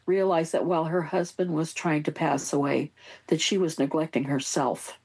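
A woman with a very low, husky voice takes part in a casual group conversation. She makes wry, dry remarks at a relaxed pace. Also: moderate pace.

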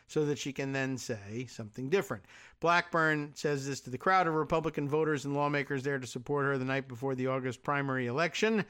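A man's voice: mid-range voice, brisk, a bit bright. A middle-aged man hosting a political talk show, reading news coverage aloud with sarcastic, wry asides. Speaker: podcast host.

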